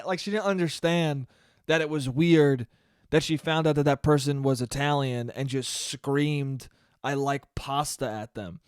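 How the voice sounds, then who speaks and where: Young man, podcast host, sarcastic rant, slightly high voice, dry close sound. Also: moderate pace, clean tone, no echo. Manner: sarcastic, animated storytelling with mocking quoted voices. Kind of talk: solo comedic podcast rant.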